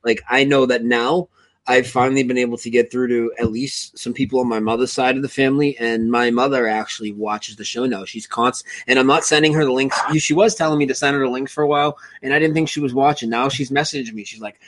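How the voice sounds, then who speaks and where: Relaxed man hosting a podcast. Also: mid-range voice, fast, no echo, rough recording. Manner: relaxed, meandering questions with fillers. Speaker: podcast host. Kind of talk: casual podcast chat.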